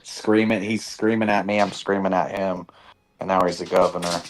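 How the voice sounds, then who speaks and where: Brief: man, very low voice, casual profane chat, animated storyteller. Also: moderate pace, slight background noise, rough recording. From Nevada, USA.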